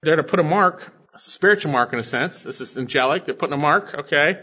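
A man's voice: fairly high pitch, animated, quick pace, bright, forceful tone, husky, lo-fi sound. A man preaching an expository sermon as pastor, earnest and preacherly, pressing his listeners with emphatic calls.

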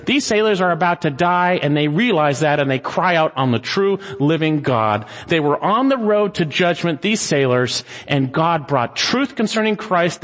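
Preaching man in a reverberant hall. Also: a little high. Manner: swings between raised and hushed pleading; reads scripture slowly and solemnly. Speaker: pastor. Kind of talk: sermon.

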